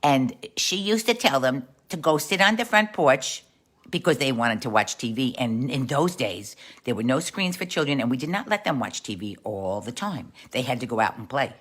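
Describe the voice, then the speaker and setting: Woman doing a low-voiced Italian-American aunt. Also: lively intonation, moderate pace, a bit bright, full character voice. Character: chatty Italian-American aunt, doting, fond of advice. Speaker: storyteller. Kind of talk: comic character storytelling.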